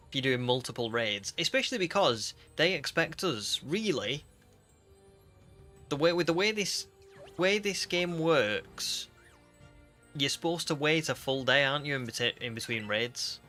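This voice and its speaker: A man's voice: a little high, sharp tone. Chatty British man streaming. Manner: chatty, reads chat aloud, rambling with fillers. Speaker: game streamer. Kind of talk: casual live-stream chat.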